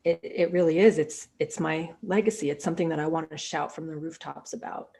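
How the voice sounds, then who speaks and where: Deep-voiced heartfelt woman host. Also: brisk, gravelly, warm tone, husky. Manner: heartfelt, enthusiastic. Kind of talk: casual interview talk.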